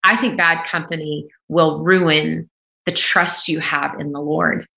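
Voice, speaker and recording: A woman worship singer, a guest on a remote call, sharing her faith in an earnest, emphatic, deliberate way. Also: deep voice, fairly even intonation, vocal fry, pushed and bright, roomy sound, poor audio. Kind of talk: heartfelt faith testimony in conversation.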